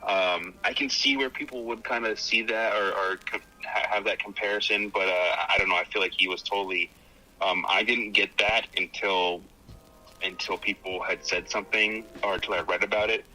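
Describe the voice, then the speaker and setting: Podcast co-host, male, low-pitched and very bright, loose rambling delivery with lots of restarts. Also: moderate pace, low-quality recording. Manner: relaxed, rambling, frequent fillers and restarts. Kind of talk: casual film discussion.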